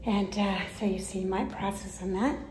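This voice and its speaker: A woman vlogger talking casually while climbing stairs, out of breath, with frequent pauses and small laughs. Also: mid-range voice, steady tone, a little mellow, echoey room, low-quality recording. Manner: chatty, pauses often, laughs between phrases. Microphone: handheld camera.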